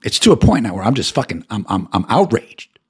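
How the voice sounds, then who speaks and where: Angry, husky-voiced man ranting. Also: big pitch swings, fairly quick. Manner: heated, profane, repeats himself and stumbles over words; swings from loud outbursts to low mutters. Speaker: podcast host. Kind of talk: angry personal rant.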